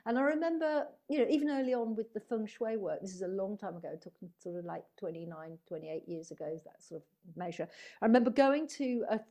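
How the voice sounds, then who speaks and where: In a conversational storytelling interview, the guest is a middle-aged psychotherapist and spiritual healer with a dark, mid-range voice and a fairly quick pace. Her reflections ramble from story to story, and she acts out the voices she quotes.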